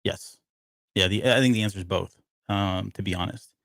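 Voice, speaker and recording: A man's voice: low voice, fairly even intonation, brisk, gravelly, fairly bright tone, no echo. Rambling man on a dry podcast mic. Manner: rambling, often loses the word he wants. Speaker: podcast co-host. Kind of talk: casual live TV-show breakdown chat.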